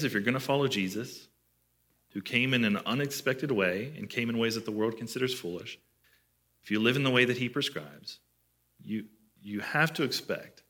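Guy preaching a sermon, bright clear voice, chatty, keeps asking the congregation stuff. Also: mid-range voice. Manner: conversational preaching, asks listeners questions. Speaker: pastor.

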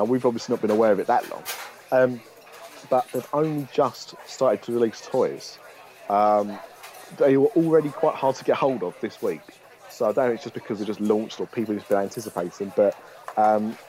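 A man in his younger years chatting on a podcast. He rambles, often pausing on fillers, at a middling pitch. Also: dark tone. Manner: rambling, hesitant with many fillers. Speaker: podcast co-host. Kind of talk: casual chat.

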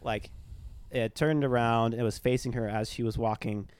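A man's voice: medium pitch, fairly even intonation, normal speed, a little mellow, smooth, no room sound. A young man telling a ghost story in casual podcast chat, rambling, with lots of fillers. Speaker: storyteller, former tour guide.

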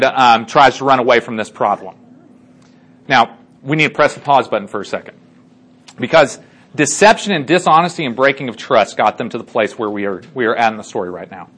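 A man's fairly bright, mid-range voice carries a casual retelling of a Bible story for a group. He's a Bible teacher whose chatty style includes many fillers and restarts, along with frequent requests for listeners to agree.

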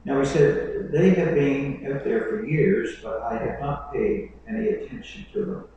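A man's voice: medium pitch, a little slow, creaky, warm tone, dull audio, slight background noise. Male pastor, sermon delivery, mid-range voice, distant mic in a reverberant hall. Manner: preaching with dramatic quoted voices, conversational asides.

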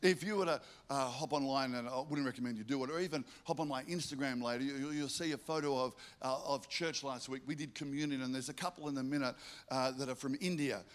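Pastor with stacked rhetorical questions. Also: male voice, medium pitch, quick pace. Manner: repeats rhetorical questions, lively storytelling. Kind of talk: sermon.

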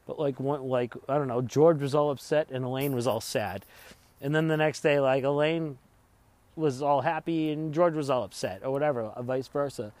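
A man's voice: medium pitch, normal speed, a little mellow, no room sound. A man vlogging as he travels, telling a rambling, profane story in casual chat. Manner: rambling, profane, laughs while retelling.

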